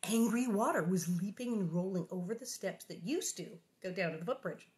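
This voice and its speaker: A woman reading a children's novel aloud and breaking off into jokey, animated asides. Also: mid-range voice, a little fast. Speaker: book reader and host.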